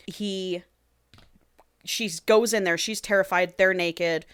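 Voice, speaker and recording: Low-voiced woman recapping a book. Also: measured pace, clean tone, no echo. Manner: animated, swears freely, acts out quotes. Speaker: podcast host. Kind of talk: casual chat recapping a book.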